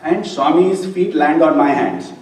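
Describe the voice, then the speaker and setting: A man tells personal stories at a devotional gathering, relaxed and anecdotal, chuckling now and then. His voice is mellow and dark in tone. It rings through a very echoey hall, picked up from some distance. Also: fairly high pitch, measured pace. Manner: warm anecdotal storytelling with light laughter. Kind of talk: storytelling talk with slides.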